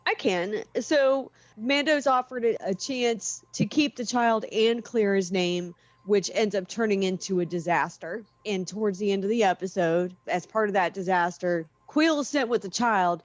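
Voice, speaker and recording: Female co-host, mid-pitched, steady recapper, dull dry lo-fi mic. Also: moderate pace, hardly any pauses, dry recording. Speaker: podcast co-host. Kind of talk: casual review discussion.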